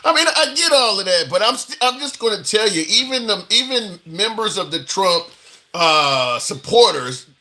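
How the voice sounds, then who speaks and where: A man's voice: sits high, sing-song, moderate pace, sharp tone. A man hosting a political talk, pushing back and interrupting with questions. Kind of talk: debating a caller.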